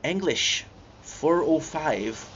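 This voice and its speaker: A man's voice: on the high side, expressive, very slow, a bit bright. A male gaming streamer, chatting casually and jokingly with his viewers and calling them bro. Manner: rambling, jokey, calls people bro. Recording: slightly muffled, faint background hiss.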